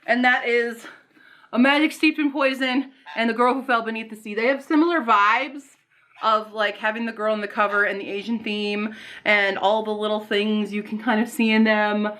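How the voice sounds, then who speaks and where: Bright-voiced bubbly woman vlogger. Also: a little high, steady tone, normal speed. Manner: chatty, bubbly, rambling with restarts; talks softly and coos to her pets. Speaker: booktube author and vlogger. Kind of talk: casual Q&A vlog.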